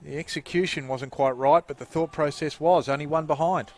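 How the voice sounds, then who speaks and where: A man's voice: fairly high pitch, fairly even intonation, a little mellow. An Australian man doing play-by-play football commentary through a headset, lifting his voice on the action calls. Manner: lifts and quickens on the action calls. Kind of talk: sports commentary.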